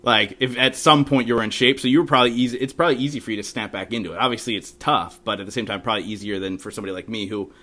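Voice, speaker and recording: A man's voice: fairly low pitch, rapid-fire, few pauses, sharp tone. A man hosting a podcast interview, talking casually with many filler words. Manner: rambling, full of "like" fillers. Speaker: podcast host.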